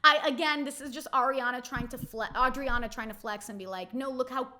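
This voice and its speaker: A woman in her twenties giving a casual, animated reality TV recap, full of rhetorical questions and "like" fillers. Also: a little high, fairly quick, a little hiss or hum. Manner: heavy use of "like" fillers. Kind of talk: casual chatty episode recap.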